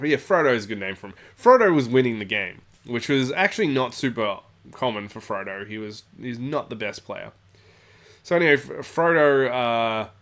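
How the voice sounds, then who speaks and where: A man tells a long, casual story from his gaming club, wandering into asides and filling gaps with uh and you know. His voice sits at an ordinary middle pitch. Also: fairly bright tone. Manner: rambling, many fillers and asides. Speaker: storyteller, tabletop channel host. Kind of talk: casual anecdote.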